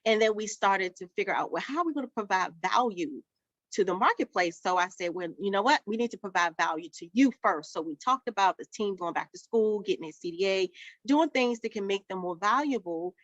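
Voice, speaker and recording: A woman guest at a summit, who runs a childcare business, relates her experiences with energy, performing the dialogue as she goes. Her voice sits in the mid range and runs a little fast, captured in a dull, dry, lo-fi recording.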